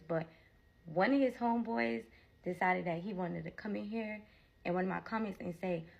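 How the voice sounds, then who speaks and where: A young woman telling a personal story to her followers in a chatty, animated way, often talking to them directly. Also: lowish voice, creaky, husky. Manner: animated, chatty, often addresses viewers as y'all. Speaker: storytime creator.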